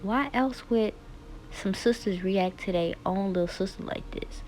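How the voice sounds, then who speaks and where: Woman, casual commentary, exasperated, incredulous, middle pitch. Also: unhurried, slight background noise. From Chicago. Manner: incredulous, exasperated, rising to sharp outbursts. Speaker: commentary channel host.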